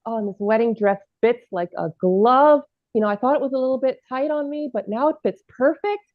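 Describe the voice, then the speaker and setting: A woman's voice: on the high side, a little fast, dry recording, natural voice. A woman improvising a giddy, vain young bride who gushes about everything being perfect, in a live improv scene over a video call. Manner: gushing, repeats "perfect" and "great". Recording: dry tinny phone-like line.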